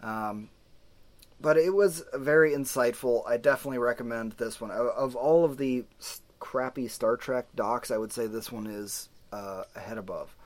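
A man co-hosting a casual film podcast, recommending a documentary with relaxed, quoted asides. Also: medium pitch, moderate pace. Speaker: podcast co-host. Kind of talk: casual chat.

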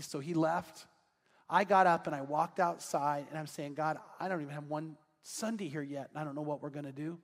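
Male pastor, high voice, animated storyteller, long church reverb. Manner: animated, acts out dialogue in his story. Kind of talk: sermon storytelling. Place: large church sanctuary.

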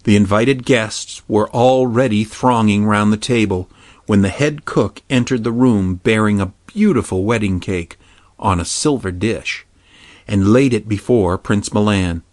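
A man narrating a fairy tale in a measured, even storytelling manner. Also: fairly low pitch, dry recording. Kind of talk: storybook reading.

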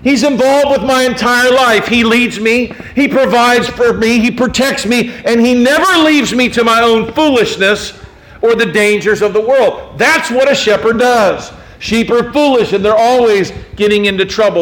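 Guy preaching a sermon, pretty high voice, folksy and emphatic, pokes fun at himself. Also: normal speed, fairly bright tone, low-quality recording. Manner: emphatic, folksy, self-deprecating asides. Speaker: pastor.

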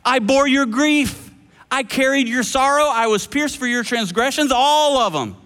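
An earnest risen teacher, as a preacher acts him out speaks in calm, emphatic declarations, pitched well above the man's usual voice. The sound carries the long reverb of a big hall. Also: a little slow, clean tone. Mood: reassuring. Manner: emphatic, repeating short declarations.

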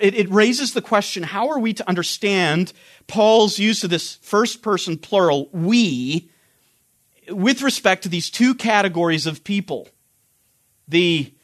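High-voiced man teaching a Bible study. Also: a bit bright. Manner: earnest, explanatory, with frequent restarts.

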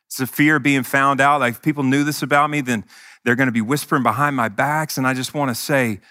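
Man, pastor, conversational sermon delivery, earnest and bright, dry close mic. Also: medium pitch, fairly even intonation, fast, dry recording. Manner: earnest, conversational, self-deprecating humor.

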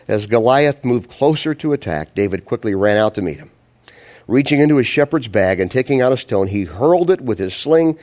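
A man preaching a sermon, telling the story with animated asides and acted-out quotes. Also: mid-range voice, brisk. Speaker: pastor.

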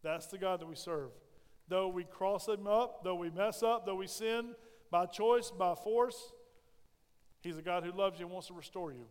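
Male pastor, high voice, sermon in a reverberant sanctuary, swings between loud emphasis and soft asides. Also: normal speed, clean tone. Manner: preaching with rising emphasis and soft drops. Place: church sanctuary.

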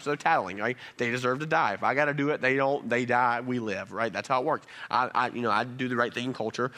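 A male pastor at a church in Rome, Georgia, preaches a sermon in a mid-range voice that is pushed and bright, talking quickly with few pauses. His style is loose, joking and conversational, and he keeps checking in with listeners by asking "right?".

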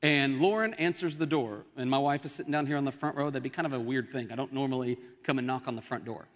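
A young adult man preaching a sermon as pastor, with emphatic rises and dramatic pauses. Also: mid-range voice. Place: church sanctuary. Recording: long hall reverb.

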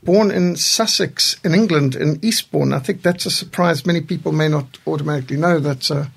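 Older guy in a studio, gravelly and a bit raspy, talking kinda high for a man, chuckling as he tells old stories. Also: a little fast. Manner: storytelling, chuckles through anecdotes. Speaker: studio guest. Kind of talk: reflective studio conversation.

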